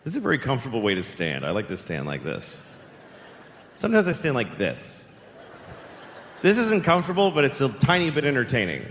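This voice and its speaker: Boston comedian with a lively voice. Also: male voice, mid-range voice, a little fast, long pauses, big-room sound. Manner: deadpan storytelling with mocking put-on voices. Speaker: stand-up comedian. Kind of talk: stand-up routine and casual chat.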